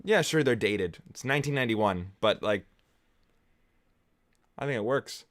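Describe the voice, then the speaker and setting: A man's voice: fairly low pitch, expressive, unhurried, a bit bright. A man hosting a casual movie watch-along commentary, rambling and enthusiastic. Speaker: film reviewer, host.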